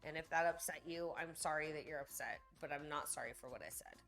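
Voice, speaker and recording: A woman's voice: low-pitched, quick pace, gravelly, a bit bright, faint music behind. A woman hosting a casual cooking livestream, chatting straight to her viewers.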